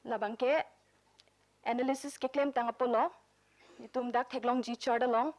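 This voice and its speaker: A woman's voice: fairly high pitch, steady tone, moderate pace, a little mellow, poor audio. A woman with a Karbi accent giving an academic presentation at a workshop, explaining step by step and mixing technical English terms into her talk. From Northeast India. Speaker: conference presenter. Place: workshop hall.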